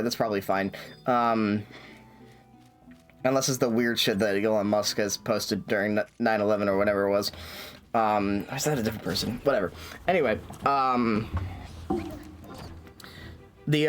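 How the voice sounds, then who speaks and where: A man's voice: medium pitch, a little slow, pauses often, faint music behind. A man streaming a game, chatting casually and rambling with lots of fillers, restarts and swearing.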